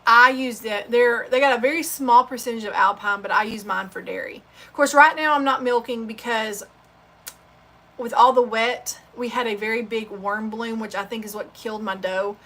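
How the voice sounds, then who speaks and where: Her stories are heartfelt and a bit rough around the edges as this woman rambles through a relaxed livestream chat on her sewing channel. She speaks with a slightly high voice that comes across bright and forward.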